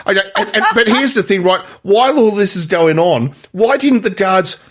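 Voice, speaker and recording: A man co-hosting a movie podcast, talking excitedly and rambling with frequent restarts. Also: high voice, moderate pace. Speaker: podcast co-host. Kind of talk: casual movie review chat.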